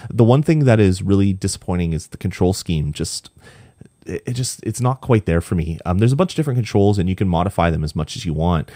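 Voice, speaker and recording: A man's voice: low-pitched, warm tone, no room sound, clean studio sound. A young man chatting casually on a podcast, rambling with lots of ums and restarts, tired late at night. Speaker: podcast co-host reviewing a game.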